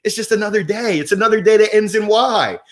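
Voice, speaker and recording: A man hosting a motivational livestream, talking with playful energy and giving shout-outs to viewers. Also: sits high, quick pace. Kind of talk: upbeat motivational livestream talk. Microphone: gold microphone.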